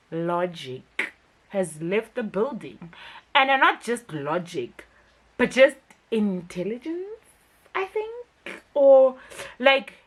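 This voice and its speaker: A young woman, reviewing a TV series in a casual, chatty commentary vlog. She talks emphatically, with frequent fillers. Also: medium pitch.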